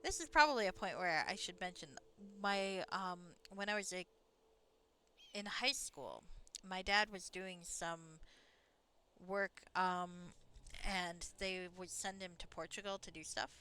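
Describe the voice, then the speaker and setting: A woman's voice: fairly low pitch, measured pace, bright, forceful tone, a little hiss or hum. A woman streaming a game live, chatting casually in a rambling way and swearing now and then. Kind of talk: casual live gameplay commentary.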